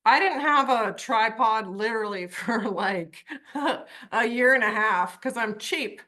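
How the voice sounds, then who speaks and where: Woman horse coach, bright, a bit high, lively storyteller on a video call. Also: slow. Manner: lively storyteller, acts out voices. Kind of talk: online group coaching call.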